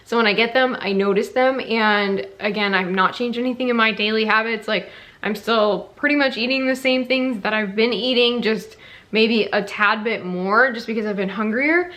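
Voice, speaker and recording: A woman's voice: on the high side, moderate pace, a bit bright. A young woman who is heavily pregnant, chatting casually in a rambling vlog update, full of fillers. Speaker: vlogger, stay-at-home mom.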